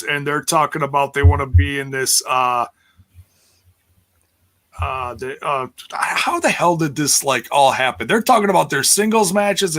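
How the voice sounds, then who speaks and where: A man's voice: on the high side, fairly bright tone. A man hosting a podcast, rambling loosely through a casual recap and joking as he goes. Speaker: podcast host. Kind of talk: casual show recap chat.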